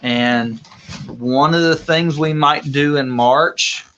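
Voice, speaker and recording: Reading viewer comments aloud and answering questions, this homestead livestream co-host keeps things casual, easygoing and folksy. He has a fairly high, slightly bright voice and takes it slowly, over lo-fi sound with a little hiss or hum.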